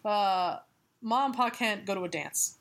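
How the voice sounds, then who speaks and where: A woman's voice: medium pitch, measured pace, fairly bright tone. A woman co-hosting a comic book podcast, recapping a story in casual, sarcastic, profane chat and laughing often. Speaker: podcast co-host.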